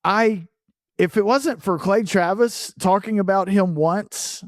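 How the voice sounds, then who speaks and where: A man co-hosting a casual podcast chat, talking in a halting way that trails off and restarts. His fairly high voice sounds dry and close. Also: no room sound. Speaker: podcast co-host.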